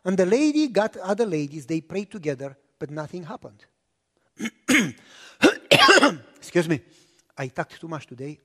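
A man preaching a sermon, telling stories and acting out the dialogue, clearing his throat often. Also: on the high side, big pitch swings, a little slow, pauses often. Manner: anecdotal, acts out dialogue, frequent throat clearing. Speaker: pastor. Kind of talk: storytelling sermon. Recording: long reverb of a large hall.

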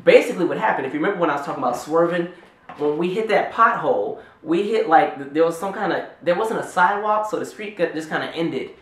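A man in his twenties telling a rambling, animated story in a storytime vlog, with lots of "like"s. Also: a little high, quick pace, roomy sound. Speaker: vlogger.

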